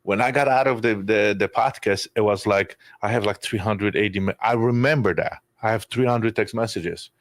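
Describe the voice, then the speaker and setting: A man with a low voice, speaking candidly and emotionally, with many restarts and an occasional curse. The sound is dry and close, with no room around it. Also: moderate pace, few pauses, dry recording. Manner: emotional, rambling with restarts and swearing. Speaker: podcast guest. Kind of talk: candid conversational storytelling.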